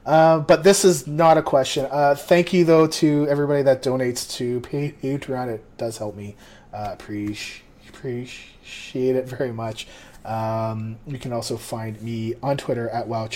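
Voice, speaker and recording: A man's voice: medium pitch, a little mellow, slight background noise. Laid-back, chuckling male podcast co-host. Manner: laughs often, rambling and self-deprecating. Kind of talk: casual podcast sign-off chat.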